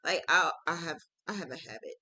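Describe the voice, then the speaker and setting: A woman chatting to her viewers about crochet, chatty and excitable, often saying "like" and "oh my God". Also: sits low, a little fast, breathy edge, dry recording, poor audio. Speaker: crochet vlogger. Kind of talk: casual chat to viewers.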